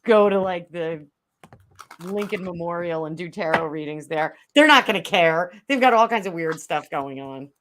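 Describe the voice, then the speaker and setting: A middle-aged woman with a New Jersey accent, chatting casually as a tarot reader on a live video call, quick asides and frequent laughter. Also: fairly low pitch, expressive, noisy background. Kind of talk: casual chat. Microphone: webcam on a video call.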